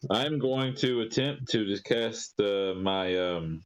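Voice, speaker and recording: A man at a tabletop game asks puzzled questions in a lowish voice. His audio sounds dull and muffled, as if the microphone is of low quality. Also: slow. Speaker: player.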